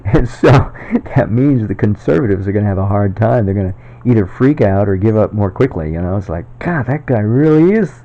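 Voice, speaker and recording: A man's voice: fairly low pitch, fairly quick, mellow. A man at home talking in a casual, rambling monologue for his own video, chuckling often. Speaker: video maker. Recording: dull lo-fi recording.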